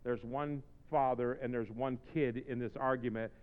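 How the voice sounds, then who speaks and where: A man preaching a sermon as pastor, swinging from low, joking asides to shouted exhortations in plain-spoken language. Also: steady tone, moderate pace, smooth. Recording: reverberant, slightly dull hall recording.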